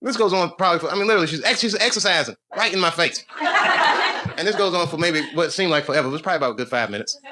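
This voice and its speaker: A man's voice: on the high side, animated, rapid-fire. Rambling male stand-up comic. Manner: rambling, laughs at his own story, banters with the crowd. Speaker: stand-up comedian. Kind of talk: live stand-up storytelling. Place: stage in a comedy club. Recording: live stage recording with noisy audience. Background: audience laughter.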